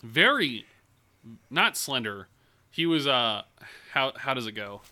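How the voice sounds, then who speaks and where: Bright-voiced man, rambling and profane. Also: mid-range voice, very animated, slow. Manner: rambling, profane, sarcastic storytelling. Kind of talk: casual chat.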